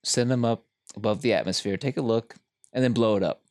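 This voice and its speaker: A man's voice: lowish voice, a little fast, darkish tone, dry recording, studio quality. A young man co-hosting a casual podcast, with blunt, crude interjections. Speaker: podcast co-host.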